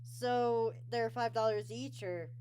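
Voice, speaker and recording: A woman's voice: a little high, slow, a little mellow. A young woman hosting a casual online interview, rambling and sidetracked, with lots of ums and restarts. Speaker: interview show host.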